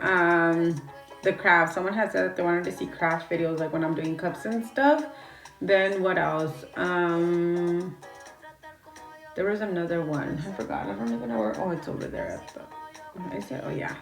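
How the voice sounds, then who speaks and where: A woman's voice: on the low side, moderate pace, gravelly, reverberant, recorded from a distance, faint music behind. A woman livestreaming from her phone, talking bluntly and rambling, swearing and greeting her chat as she goes.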